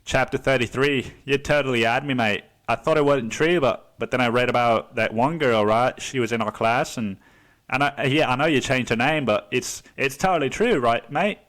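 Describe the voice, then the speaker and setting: A man's voice: mid-range voice, normal speed, fairly bright tone, natural voice. A man voicing a condescending Australian bloke with an Australian accent, repeating himself in a patronizing way. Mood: excited fan.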